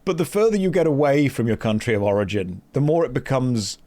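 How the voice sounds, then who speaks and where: A man's voice: medium pitch, expressive, brisk, mellow. A man streaming a game, reading quest text aloud and chatting with viewers in a sarcastic, joking way. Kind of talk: casual live-stream chat while gaming.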